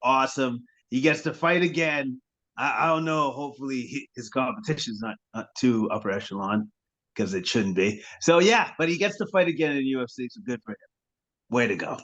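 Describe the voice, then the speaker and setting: A man co-hosting a sports podcast in casual chat, sarcastic and quick to laugh, often repeating his words. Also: mid-range voice, fairly bright tone, highs cut off.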